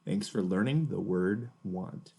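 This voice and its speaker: A man's voice: low voice, unhurried, dark tone. A man teaching a word to children with a puppet, patient and encouraging. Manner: patient, encouraging, clearly spoken. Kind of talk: speech lesson for children.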